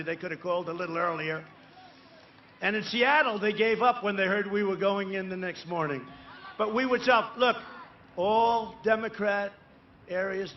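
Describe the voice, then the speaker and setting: A man's voice: high-pitched, lo-fi sound, a little hiss or hum. A man giving a campaign rally speech to a crowd, rambling and boastful, with repeated asides, tag questions and sudden emphatic bursts. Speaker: political candidate addressing a rally crowd.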